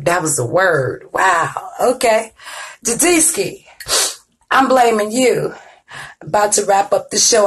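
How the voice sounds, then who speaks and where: Husky woman hosting a lively live stream. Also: mid-range voice, poor audio. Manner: lively, laughs often, greets viewers by name. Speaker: online show host. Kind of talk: casual live-stream chat.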